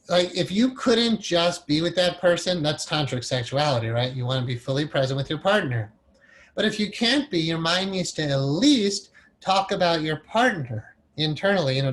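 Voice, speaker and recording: A man teaching a recorded meditation class in a casual, animated way, acting out the inner voice of the mind as examples. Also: a little high, normal speed.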